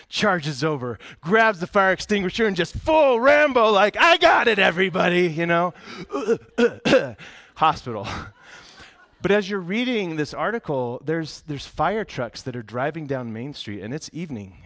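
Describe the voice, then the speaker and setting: Man preaching in a chatty, storytelling way. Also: mid-range voice. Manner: conversational, animated storytelling with humor. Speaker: pastor. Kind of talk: sermon.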